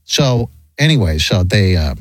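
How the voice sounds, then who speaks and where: A middle-aged man spins a rambling anecdote in casual chat, restarting his sentences often. His pitch swoops widely as he talks. The sound is dry and close. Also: unhurried, dry recording, rough recording. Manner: rambling, animated, frequent restarts.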